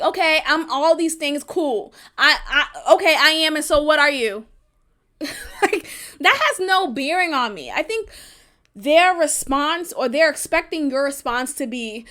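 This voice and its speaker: A woman's voice: high-pitched, lively intonation, normal speed, bright, forceful tone. A woman hosting a podcast, talking casually and bluntly about her own life, swearing freely and laughing often. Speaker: podcast host. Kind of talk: casual venting monologue.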